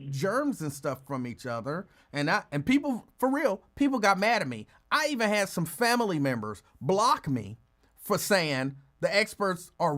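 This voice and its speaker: A man hosting a casual podcast, talking in a laid-back conversational way and answering a listener's comment. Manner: laid-back, conversational, lively pitch, playful voices for a dog. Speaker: podcast host.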